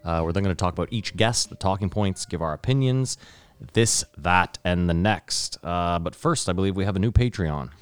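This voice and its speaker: Guy hosting a podcast, lowish voice, swears a lot and rambles, super dry close sound. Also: normal speed, smooth, no room sound. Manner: profane and blunt, with loose rambling asides. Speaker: podcast host. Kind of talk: casual podcast chat.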